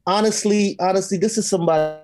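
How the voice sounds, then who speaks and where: A man's voice: sits high, fast, darkish tone. A man co-hosting a casual podcast chat, talking with sarcasm and emphatic repetition. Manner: sarcastic, emphatic, repeats phrases. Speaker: podcast co-host.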